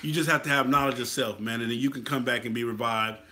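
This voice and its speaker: Man, bright forceful voice, preachy pep talk, keeps asking if you feel him. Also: mid-range voice, fast talker. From Atlanta, US. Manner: preachy, repetitive, asks "you feel what I'm saying?". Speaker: motorcycle club talk host. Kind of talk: casual motivational talk.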